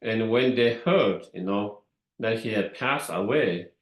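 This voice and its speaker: A man whose first language is Tibetan, giving a dharma talk in a slow, halting way with many fillers and repeated words. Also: fairly low pitch, animated. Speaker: Buddhist teacher. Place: meditation hall. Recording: echoey room.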